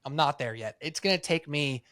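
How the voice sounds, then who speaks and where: Male New York sports podcast co-host, slightly high, dry close sound, lively storyteller. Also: normal speed, no echo. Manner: animated storytelling, acts out quotes. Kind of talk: casual sports chat.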